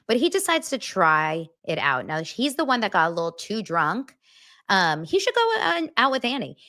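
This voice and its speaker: A woman hosting a pop culture show who recaps reality TV in a blunt, profane, animated style. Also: medium pitch, moderate pace. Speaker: pop culture podcast host. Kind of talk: casual gossip recap.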